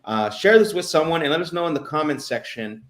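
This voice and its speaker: A man's voice: fairly high pitch, lively intonation, a little fast. Hyped man hosting a live show. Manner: hyped, shouting shout-outs, many fillers. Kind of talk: casual live-stream chat.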